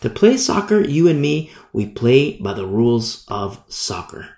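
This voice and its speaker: Animated preacher in an echoey room. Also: male voice, mid-range voice. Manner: conversational, repeats and restarts phrases, pauses to stress words. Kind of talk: sermon.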